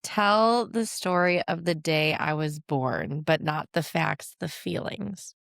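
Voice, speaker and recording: Woman podcast host, takes her time, dry close mic, gently asks. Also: deep voice, takes it slowly, vocal fry, dry recording. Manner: gently prompting, laughs often. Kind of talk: casual interview.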